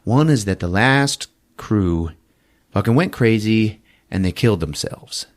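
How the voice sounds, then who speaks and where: A man's voice: fairly low pitch, lively intonation, a little slow. A man voicing a paranoid woman who interrogates her captives, in a profane, accusing drawl.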